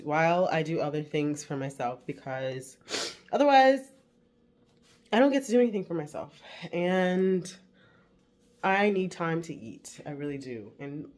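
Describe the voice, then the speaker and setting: A woman in her forties, a mother and vlogger, makes breakfast at home while chatting to a camera placed on the counter. Her voice is low-pitched and a little mellow.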